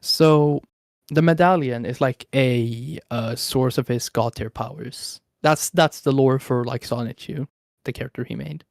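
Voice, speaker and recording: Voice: mid-range voice, measured pace, gravelly, dry recording, clean studio sound. A Swedish-accented livestream guest rambling through internet lore with laughs and casual swearing, the microphone cutting in and out. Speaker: streamer guest.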